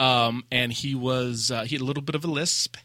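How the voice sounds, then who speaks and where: Man, podcast co-host, casual gaming chat, bright voice, animated storytelling, dry close mic. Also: mid-range voice, a little fast, no echo. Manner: animated storyteller, acts out quotes.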